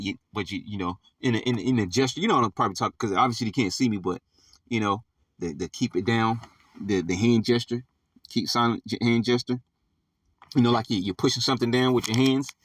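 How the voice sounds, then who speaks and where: A man's voice: medium pitch, no echo, far from the mic. A man leading an informal bible study, reading verses and explaining them in a conversational, slangy way with frequent check-ins. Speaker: bible teacher.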